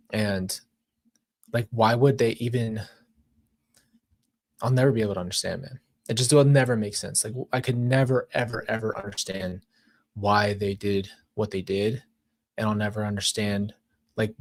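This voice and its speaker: A man's voice: lowish voice, steady tone, normal speed, long pauses, dry recording, studio quality. A man reacting live to court testimony in a casual, emotional, rambling way, often repeating himself and searching for words. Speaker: commentary streamer.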